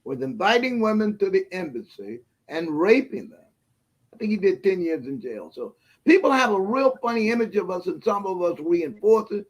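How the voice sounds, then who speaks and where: Male guest, high pitch, earnest, emphatic, casual livestream chat. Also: sing-song, normal speed. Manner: earnest, emphatic, repeats affirmations. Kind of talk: casual live-stream chat.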